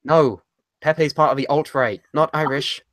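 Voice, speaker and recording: A woman's voice: low-pitched, unhurried, dry recording, studio quality. A woman co-hosting a casual podcast chat, sarcastic and blunt, swearing often. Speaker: podcast co-host.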